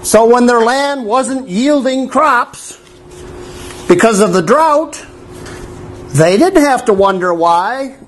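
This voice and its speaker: A male pastor preaching a sermon in a church, animated, with wry asides to the congregation. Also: very high-pitched, slow pace, pauses often, slight background noise, low-quality recording.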